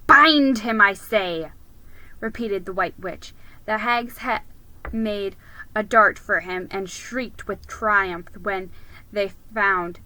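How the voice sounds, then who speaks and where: Slow bright-voiced woman reading aloud. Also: mid-range voice, poor audio. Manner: unhurried reading with slips and restarts. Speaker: reader. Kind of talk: storybook read-aloud.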